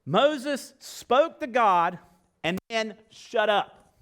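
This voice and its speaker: Man, pastor, high voice, sermon, folksy, animated, loud and soft swings, asks the congregation questions, church. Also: drawn-out words. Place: church sanctuary.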